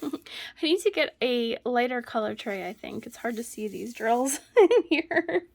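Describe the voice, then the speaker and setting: A woman's voice: a little high, expressive, a little slow, vocal fry. A woman vlogger chatting casually while she crafts at home, telling a story with frequent laughs. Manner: chatty storyteller, laughs often mid-sentence.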